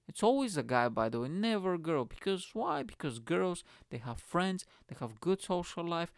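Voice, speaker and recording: A man, a comedian hosting his own show, ranting in a profane, animated way about people he finds baffling. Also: on the high side, creaky, clean tone, no echo, studio quality. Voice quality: profane, fast-swinging rant. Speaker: comedian host. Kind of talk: comedic rant.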